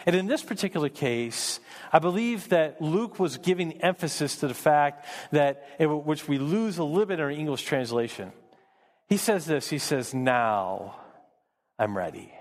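A man's voice: on the high side, expressive, moderate pace, big-room sound. A man preaching a sermon as pastor, earnest, often repeating words as he builds emphasis.

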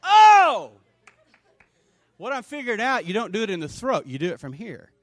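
Male pastor, high lively voice, dry close sound, energetic sermon delivery with shouts. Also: fast talker, dry recording, some chatter behind. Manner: animated preaching with shouts and call-and-response.

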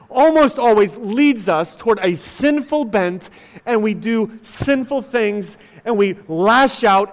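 Man, pastor, emphatic sermon, high voice, long hall echo. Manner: emphatic preaching, voices God's lines.

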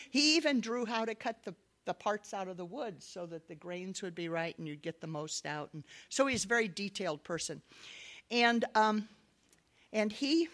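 A woman's voice: mid-range voice, a bit bright. A middle-aged woman giving a sermon-style personal testimony, telling her story earnestly with light laughs. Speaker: speaker giving a devotional talk.

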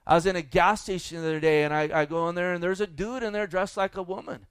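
A man's voice: sits high, steady tone, fast talker, clean tone, no echo. A man preaching a sermon as pastor, folksy and emphatic, with asides to the congregation.

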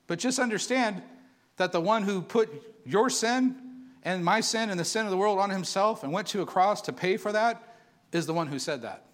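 Animated high-voiced preacher. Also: male voice, fairly quick. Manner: animated, conversational preaching with call-and-response. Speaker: pastor. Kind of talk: sermon.

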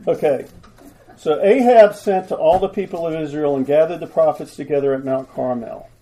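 Preacher guy reading scripture, directing folks, joking around, warm mellow voice. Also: a little high, poor audio. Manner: jovial, directing volunteers with asides. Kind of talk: sermon reading scripture aloud.

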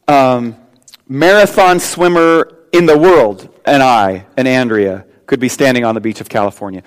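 A male pastor delivering a sermon at a church service, swinging between loud, emphatic preaching and a hushed prayer, often repeating and restarting his words. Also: mid-range voice, normal speed.

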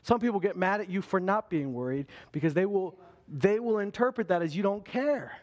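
A man preaching a sermon, talking straight to his listeners and jumping into panicked voices when he acts out a scene. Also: brisk. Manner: animated, acts out panicked voices with big pitch swings. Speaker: pastor.

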